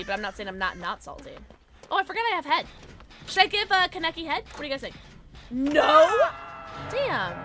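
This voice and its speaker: A woman streaming a game, chatting casually with viewers in an excitable way, with sudden high yelps and laughs. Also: slight background noise. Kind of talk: casual livestream chat while gaming. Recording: game music behind the voice. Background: game music.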